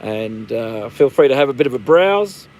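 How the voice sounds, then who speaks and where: A man's voice: mid-range voice, expressive, normal speed, darkish tone, slight background noise, rough recording. Australian man, 50s, livestream host. Blunt, rambling, casually profane. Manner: rambling, blunt, swears freely. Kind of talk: casual live-stream chat.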